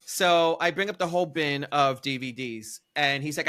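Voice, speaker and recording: Bright fairly high guy, casual podcast storytelling, swearing a lot, gets loud and squeaky in disbelief. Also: normal speed, few pauses. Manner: animated, profane, swings up into high disbelief. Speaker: podcast co-host.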